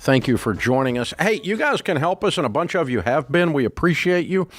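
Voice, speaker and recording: A man's voice: a little high, expressive, brisk, dry recording. A man hosting a call-in advice show in a radio studio, giving blunt, directive advice with folksy, rambling asides.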